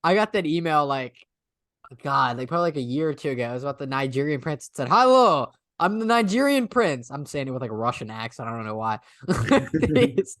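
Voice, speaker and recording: A man co-hosting a podcast in casual chat. He is animated, laughs often and lets his sentences trail off. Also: on the high side, no room sound, studio quality. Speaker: podcast co-host.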